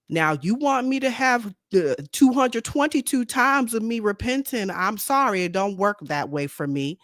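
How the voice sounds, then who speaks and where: Blunt and outspoken, this co-host of a casual faith talk show repeats her points in an animated, mid-range voice at a slightly slow pace. She uses a streaming microphone, and the studio sound is clean with no room sound.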